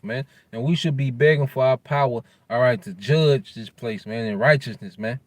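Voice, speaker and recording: Male scripture teacher, casual street-slang delivery, says "man" constantly, mid pitch, close and dry. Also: dry recording. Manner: ends nearly every phrase with "man"; loose street slang, halting while looking up verses. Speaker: religious teacher. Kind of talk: informal scripture lesson.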